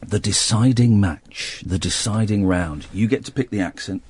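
A man with a Southern English accent hosting a late-night radio show, playful and quick with asides. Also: on the low side, a little mellow, husky. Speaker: radio host. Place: radio studio.

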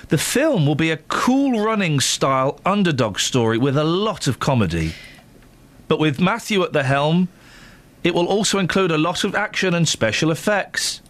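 A man presenting breakfast radio, mocking the stories in a lively, sarcastic way. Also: normal speed. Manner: mocking, animated, swings between deadpan and high exclamations. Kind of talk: breakfast radio chat and news.

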